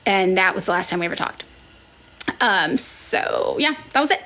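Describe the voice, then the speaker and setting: A woman in casual chat, answering viewer questions as a political influencer, frank and profane, with sighs and fillers, and she acts out other people in sudden high voices. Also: expressive, normal speed, bright, forceful tone. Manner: chatty with many fillers and sighs.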